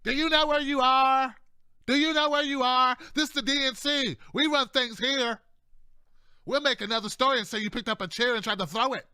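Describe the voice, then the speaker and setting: A scornful male party insider, taunting and repeating himself for emphasis, as a commentator puts him on. The voice sits high and sounds bright and edgy. It is recorded dry, with no room around it. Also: fairly even intonation, moderate pace, smooth, no room sound, exaggerated voice.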